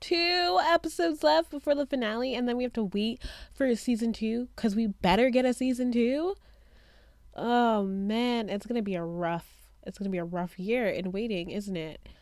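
A woman's voice: a little high, moderate pace, no room sound. A young woman gushes through an episode recap, tossing out theories and rhetorical questions as she goes. Her voice is recorded close and dry, with no room sound around it. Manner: gushing, animated, thinks aloud with rhetorical questions. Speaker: TV recap host. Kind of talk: excited casual recap.

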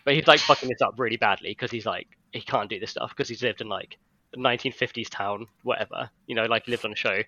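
Fast-talking man rambling through a story. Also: medium pitch, pushed and bright, no room sound, lo-fi sound. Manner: rambling storytelling, heavy use of "like". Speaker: friend retelling an imagined film plot. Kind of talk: casual chat among friends.

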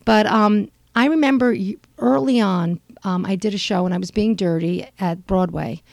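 An older woman comedian chatting in an interview, telling animated stories full of fillers and acted-out quotes. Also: moderate pace, gravelly, dry recording, clean studio sound. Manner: animated storyteller, acts out quotes with big pitch jumps; frequent fillers. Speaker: stand-up comedian guest. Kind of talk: casual interview chat.

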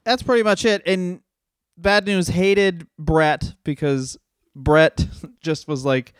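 A man's voice: a little high, fairly even intonation, slow pace, smooth, no echo, studio quality. A man co-hosting a comedy podcast, telling stories in a sarcastic, profane, casual way. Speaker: podcast co-host.

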